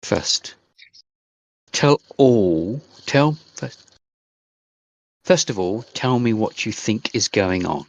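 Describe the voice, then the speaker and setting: A man's voice: fairly low pitch, lively intonation, takes it slowly, long pauses, no echo. A man voicing a stern foreign woman speaking over a crackly old intercom, with a German accent and a cold, commanding manner. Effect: tinny old intercom.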